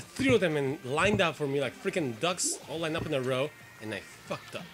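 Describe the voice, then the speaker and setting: Excitable swearing man, lively gamer commentary. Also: a little high, moderate pace, few pauses, noisy background. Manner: excitable, swearing, trash-talking. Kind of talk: let's play gameplay commentary. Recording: game music clearly behind voice. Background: game music.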